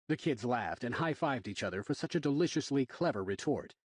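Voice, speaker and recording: Expressive male audiobook narrator, husky. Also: medium pitch, fairly quick, hardly any pauses, no echo, clean studio sound. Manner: wry, expressive storytelling. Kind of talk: first-person audiobook narration.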